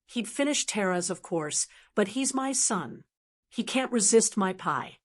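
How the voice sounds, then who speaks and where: A woman's voice: medium pitch, expressive, a little slow. Older woman narrating a personal story. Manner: emotional, reflective.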